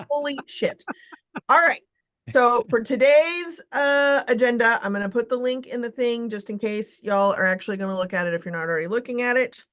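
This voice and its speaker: A woman's voice: a little high, a bit bright. Blunt, casual woman chairing a meeting. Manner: brisk, casual, blunt, with mild swearing. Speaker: search committee chair.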